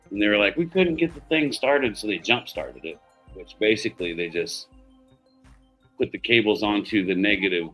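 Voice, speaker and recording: Middle-aged guy on a stream, lowish voice, cussing and laughing while he rambles, bit of music behind. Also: sharp tone, slightly rough. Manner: profane, rambling storyteller who laughs often. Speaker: livestream host. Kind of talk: casual chat.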